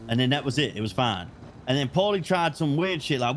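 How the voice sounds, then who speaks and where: A British-accented man with a medium-pitched, fairly quick voice plays a police officer in an in-character role-play chat. He retells events in an animated storytelling style with plenty of swearing, over slight background noise.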